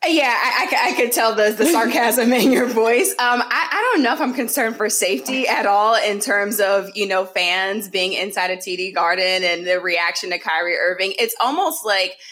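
A woman's voice: medium pitch, normal speed, few pauses, a bit bright. Emphatic woman sports reporter. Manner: fluent and emphatic, with repeated fillers. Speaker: sports reporter covering a basketball team. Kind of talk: casual sports analysis.

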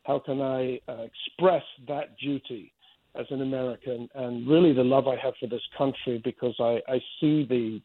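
A middle-aged Spanish man, an artist guest, gives a long, rambling interview answer, often restarting and repeating himself. His mid-range voice is steady and at normal speed. The tinny phone-line recording carries slight background noise.

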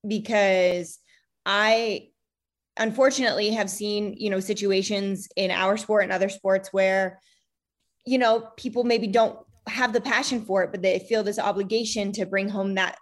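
A woman in her thirties talking casually as an interview guest, chatty with many fillers and acting out quoted lines. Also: medium pitch. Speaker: guest, wife of a retired fighter.

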